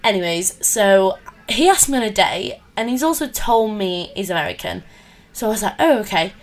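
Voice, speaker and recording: Girl in her twenties rambling about dating, chatty and lively. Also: medium pitch. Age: 20s. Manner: chatty, animated, many fillers and laughs. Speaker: podcast host. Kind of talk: casual storytelling chat.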